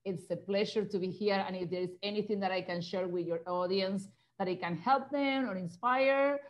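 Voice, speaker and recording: A woman's voice: mid-range voice, normal speed. A woman guest in an interview, speaking English as a second language in an effusive, grateful way. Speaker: guest, relationship expert. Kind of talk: casual interview.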